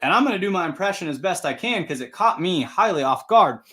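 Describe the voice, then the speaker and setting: A chatty male host who announces tractor pulls, rambling through friendly stories on a casual livestream. His voice sits slightly higher than most men's. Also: animated, quick pace, a bit bright. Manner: chatty, rambling, upbeat anecdotes.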